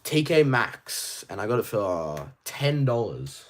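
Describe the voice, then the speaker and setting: Lively low-voiced Australian man. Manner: rambling and animated, quick asides. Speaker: toy collector streamer. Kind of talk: casual livestream chat, reading viewer questions.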